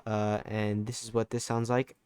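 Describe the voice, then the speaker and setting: A man's voice: on the low side, flat delivery, normal speed, a little mellow. A young man giving a casual, laid-back music production tutorial, loose and full of fillers and restarts. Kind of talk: casual screen-recorded tutorial.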